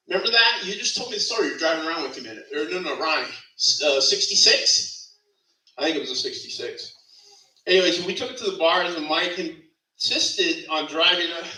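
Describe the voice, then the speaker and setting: High bright-voiced man telling funeral stories. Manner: rambling, laughing through stories, self-correcting. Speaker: eulogy speaker. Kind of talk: funeral eulogy storytelling. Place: funeral service venue. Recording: echoey room, distant mic.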